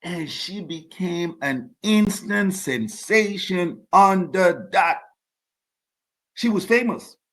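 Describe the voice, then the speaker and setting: A man's voice: high-pitched, expressive, slow pace. A man hosting his own podcast, delivering an emphatic opinion monologue and repeating words as he builds his points. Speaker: podcast host.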